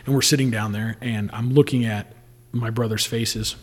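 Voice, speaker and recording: A man's voice: mid-range voice, fairly even intonation, normal speed, big-room sound, a little hiss or hum. A man telling stories in casual podcast chat, rambling with fillers and laughing often. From Indiana. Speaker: distiller. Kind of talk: casual storytelling.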